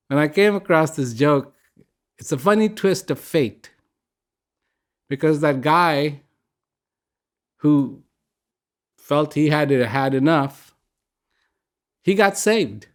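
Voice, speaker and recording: An older man giving a reflective broadcast talk, unhurried and conversational, with asides and soft laughs while he tells a joke. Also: a little high, expressive.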